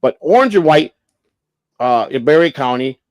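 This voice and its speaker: A man's voice: mid-range voice, animated, moderate pace, no room sound. A middle-aged man from Chicago telling a rambling, profane story on a livestream, acting out what others said. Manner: profane, rambling, acts out quoted voices. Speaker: livestream host. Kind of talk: casual storytelling.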